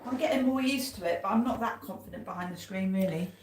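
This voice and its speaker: A woman's voice: medium pitch, fast talker, a crowd in the background. A cheerful woman chatting casually as co-host on a livestream, poking fun at herself. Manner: cheerful, self-mocking, laughs often. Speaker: co-host, host's wife. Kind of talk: casual live chat. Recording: echoey room, faint noise.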